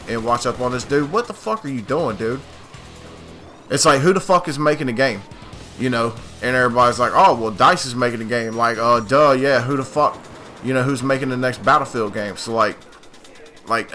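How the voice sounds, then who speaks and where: Hosting a gaming channel, a man rambles and swears constantly through a casual rant over his gameplay, saying "like" and "dude" a lot. His voice is medium-pitched, pushed and bright.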